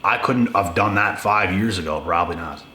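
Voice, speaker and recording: Young man, lowish voice with a bright, forceful edge, blunt profane rant, echoey room. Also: normal speed. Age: young adult. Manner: profane, emphatic, repeats himself. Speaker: video creator. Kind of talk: blunt casual rant to camera. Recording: echoey room with faint ambience.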